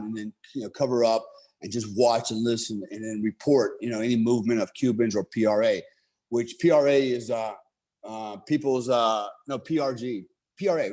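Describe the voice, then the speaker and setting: Animated man telling a story. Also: medium pitch. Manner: animated, swears freely, laughs while telling. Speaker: military veteran telling war stories. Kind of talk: casual storytelling in an interview.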